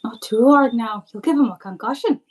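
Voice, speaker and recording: A woman voicing a kindly, loud, motherly village woman who fusses over her guests. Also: on the high side, fairly quick, close to an everyday voice. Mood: fussing, hospitable. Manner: homely, fussing and hospitable.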